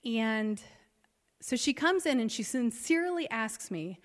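A woman in her thirties preaches and tells a personal story, rising from hushed to intense. Her voice sits a little high and rings out in a big hall with long reverb. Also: lively intonation, unhurried. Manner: personal storytelling, emotional swings. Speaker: pastor. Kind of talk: sermon.

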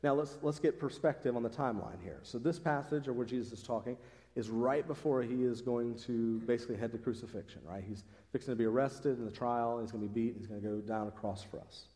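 A man's voice: mid-range voice, fast talker, mellow, big-room sound. A man preaching a sermon as pastor, speaking earnestly and conversationally, lifting his voice for emphasis. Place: church sanctuary.

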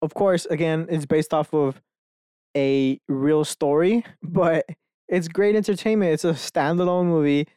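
A young man hosting a podcast, talking alone from his bedroom in a rambling, profane, animated way. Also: a little high, measured pace, smooth, dry recording, studio quality. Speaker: podcast host. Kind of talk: casual solo monologue.

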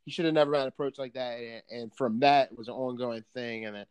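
A man in casual chat, telling a story in an animated way, swearing freely and often restarting his sentences. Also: medium pitch, fast, clean tone, no room sound.

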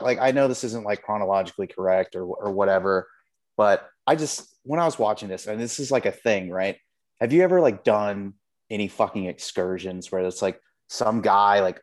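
A man co-hosting a podcast, chatting casually and ranting with lots of swearing. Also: fairly low pitch. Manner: profane, animated ranting. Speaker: podcast co-host. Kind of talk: casual chat.

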